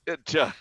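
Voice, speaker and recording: A man's voice: fairly bright tone, no echo. A man chatting casually, spinning stories with chuckles and a playful edge. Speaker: regular guest answering questions. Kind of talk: casual chat.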